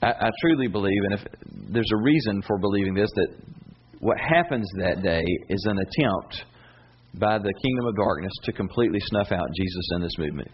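A man preaching a sermon, telling a story with animated swings between high emphatic bursts and low intense asides. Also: fairly quick. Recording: dull lo-fi sound with faint hiss.

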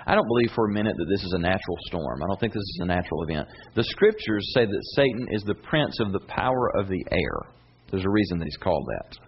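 A man preaching a sermon, telling a story with animated swings between high emphatic bursts and low intense asides. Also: quick pace, breathy edge. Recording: dull lo-fi sound with faint hiss.

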